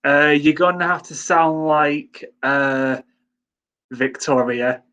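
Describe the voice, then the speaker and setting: A man chatting casually on a stream, blunt and halting. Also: on the high side, bright, forceful tone, dull audio. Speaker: guest.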